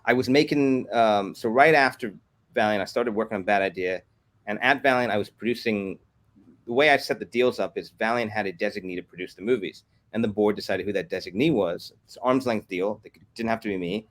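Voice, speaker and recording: A man, a guest on an interview podcast, telling lively anecdotes and acting out the quotes. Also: lowish voice. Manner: fast, animated anecdotes with acted-out quotes. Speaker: guest, comics company executive. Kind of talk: casual interview storytelling.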